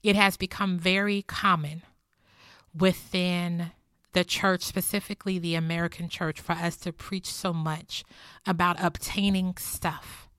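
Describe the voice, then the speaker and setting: A woman's voice: lowish voice, flat delivery, a little slow, a bit bright, smooth, no echo, studio quality. Earnest woman giving a devotional talk. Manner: earnest, heartfelt, personal. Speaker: Christian teacher. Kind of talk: devotional teaching and prayer.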